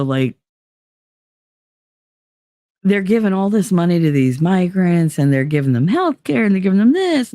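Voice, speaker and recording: A woman's voice: fairly low pitch, dry recording, studio quality. Blunt, rambling woman, sick with a cold. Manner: blunt, profane, animated storytelling. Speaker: livestream host. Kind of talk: casual rambling chat to viewers.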